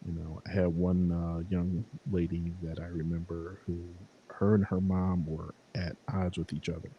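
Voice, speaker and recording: A man in casual chat, rambling in a relaxed way about his paranormal investigations, with casual swearing. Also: low-pitched, moderate pace, husky, highs cut off.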